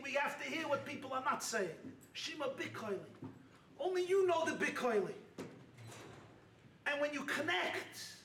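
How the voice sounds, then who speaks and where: A rabbi delivers a lively sermon in a high, bright, ringing voice, breaking into shouts to drive home his points and tossing in jokes along the way. He sounds a little distant from the microphone, and his voice fills a roomy retreat hall over a faint background hiss. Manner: animated preaching, punctuated by shouted emphasis and humor.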